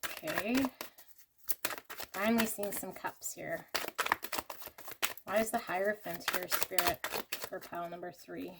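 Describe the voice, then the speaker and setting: A woman's voice: lowish voice, steady tone, a little slow, long pauses, heavy background noise. A woman giving a casual pick-a-card tarot reading to her viewers, emotional and chatty with many fillers. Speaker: tarot reader.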